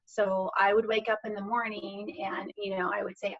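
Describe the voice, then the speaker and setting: A woman's voice: mid-range voice, level tone, moderate pace. An earnest middle-aged woman telling her own story as a podcast guest, reflective and often circling back to restart a phrase. Her voice sits in an ordinary middle range for a woman. The audio is a little dull and lo-fi. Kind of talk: personal storytelling in a podcast interview.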